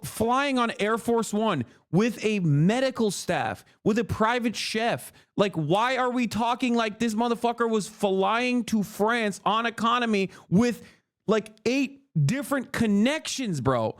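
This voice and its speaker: Exasperated high-voiced male streamer. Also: lively intonation, a little slow. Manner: exasperated, mocking, sarcastic. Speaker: streamer reacting to news. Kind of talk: profane reaction commentary.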